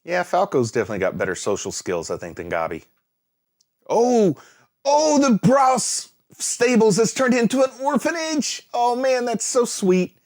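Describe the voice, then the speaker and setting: A man's voice: very high-pitched, very animated, moderate pace, darkish tone. A man hosting an anime reaction, chatting casually, exclaiming and laughing at the screen, then musing aloud. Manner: muses aloud, thinking things through.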